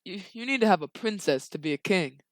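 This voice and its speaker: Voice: medium pitch, expressive, fairly quick, dry recording, natural voice. A young storyteller voicing a polite magic mirror that stammers and hedges before every answer. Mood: hesitant. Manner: hesitant, fumbling and deferential. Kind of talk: improvised storytelling while drawing.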